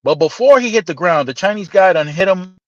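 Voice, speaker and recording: A man telling a story in casual podcast chat, animated and profane, acting out the dialogue. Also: sits high, a little fast, no room sound. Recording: dull, slightly lo-fi dry sound.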